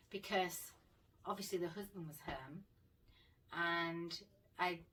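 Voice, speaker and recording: Woman, casual storyteller, chatty, swears a lot, slightly low pitch, bright tone. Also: far from the mic, poor audio. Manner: chatty, swears freely, laughs often. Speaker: paranormal vlogger.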